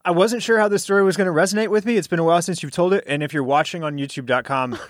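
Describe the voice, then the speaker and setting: A man in his thirties, a podcast co-host, in casual chat, giggling and chiming in with quick banter. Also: on the high side, no echo, clean studio sound. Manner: giggly, interjecting, lively banter.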